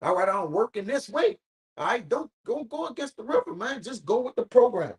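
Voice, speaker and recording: A man's voice: very high-pitched, sing-song, a little fast, poor audio. Emphatic man leading a Bible study. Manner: emphatic, preachy, swears casually. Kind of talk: informal Bible study discussion.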